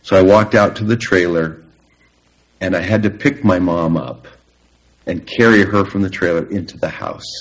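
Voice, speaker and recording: A middle-aged man preaching a sermon, earnest and emphatic, with long pauses. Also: low-pitched, rough recording. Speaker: pastor.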